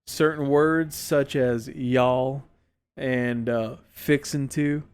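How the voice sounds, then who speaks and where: A young man co-hosting a podcast, talking in a relaxed, rambling way with lots of fillers. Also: medium pitch, very slow, smooth. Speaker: podcast co-host. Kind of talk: casual chat.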